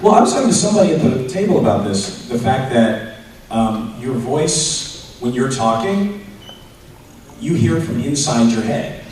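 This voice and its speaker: A man on a convention panel, joking and trading quick asides, recorded from far off in a large hall. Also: medium pitch, sing-song, darkish tone. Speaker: voice actor panelist. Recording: echoey hall, far from mic, noisy.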